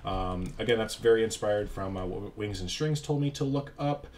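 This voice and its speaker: A man's voice: lowish voice, normal speed, darkish tone, a little hiss or hum. A young man casually commenting over his gameplay, rambling and self-deprecating, with lots of filler words. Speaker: YouTuber.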